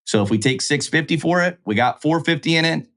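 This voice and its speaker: Fast-talking man telling a deal story. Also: a little high. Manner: animated, acts out quoted dialogue. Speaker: real estate investor guest. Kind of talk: casual storytelling.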